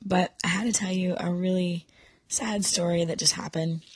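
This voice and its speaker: A woman in her thirties, a sick and short-of-breath mother, sadly confiding a personal story in a halting monologue full of fillers. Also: fairly low pitch, fairly even intonation, husky, dry recording. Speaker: podcaster, mother.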